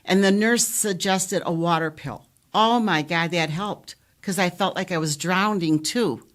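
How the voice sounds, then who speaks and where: An older woman with a fairly low voice tells her own health story as a guest. She talks in an animated, storytelling way and acts out the voices of the people she met. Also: measured pace. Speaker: patient guest.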